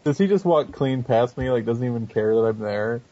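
A man's voice: medium pitch, lively intonation, moderate pace, mellow, no room sound. A man playing a tabletop game over a voice call, casual and laid-back. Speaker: player. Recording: dull lo-fi voice call audio.

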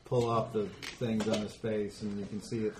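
A man's voice: on the low side, flat delivery, moderate pace. A man narrating as game master in a loose, running style that strings events together with "and then". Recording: echoey room with background noise.

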